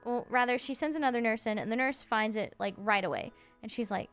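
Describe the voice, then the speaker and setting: A woman around thirty, a streamer telling a story in a chatty, halting way, full of "like" fillers and restarts. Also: fairly high pitch, fairly bright tone, clear, resonant tone, faint music behind. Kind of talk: casual storytelling.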